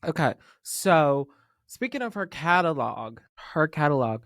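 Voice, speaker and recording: A man hosting a casual pop music podcast, talking in an excitable, gushing fan manner with sudden whispers. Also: fairly high pitch, unhurried, no room sound, studio quality. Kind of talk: casual chat.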